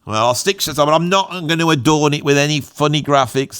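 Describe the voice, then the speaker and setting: A man's voice: on the high side, quick pace, fairly bright tone, soft background music. Rambling, self-mocking English man. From England. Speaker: YouTuber, musician. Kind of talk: rambling unscripted vlog monologue.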